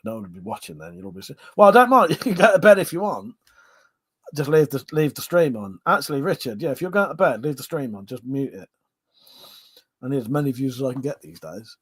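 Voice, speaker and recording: A man's voice: mid-range voice, big pitch swings, breathy edge, dry recording. An English man hosting a casual drinking livestream and reading viewer comments aloud, joking, laughing and swearing freely, with a drink in hand. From Buckinghamshire, England. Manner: jokey and laughing, swears freely, drawn-out repeated agreements. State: having a drink. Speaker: livestream host.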